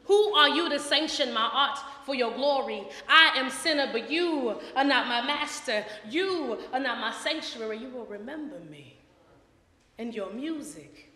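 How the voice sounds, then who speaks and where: A woman delivers spoken word poetry with a bright, forceful edge and an unhurried pace. She moves dramatically between hushed lines and loud ones. Her voice rings out in a room with a long, echoing tail. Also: high-pitched, lively intonation. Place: art gallery event before a live audience. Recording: echoey room with long reverb.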